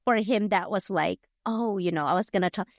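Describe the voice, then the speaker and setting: A woman co-hosts a casual book podcast at a middling pitch. She rambles through plot points with plenty of fillers and acts out the characters' lines in quotes. The sound is close and dry. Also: a little fast, no room sound. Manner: rambling, filler-heavy retelling. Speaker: podcast co-host. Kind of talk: casual book review chat.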